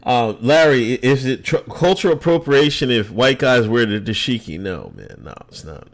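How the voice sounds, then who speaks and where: A man chatting on his livestream podcast, his pitch swinging widely as he jokes through the viewers' comments. He laughs often and slips in sarcastic asides, with a loose, casual delivery at a middling pitch. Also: big pitch swings, moderate pace.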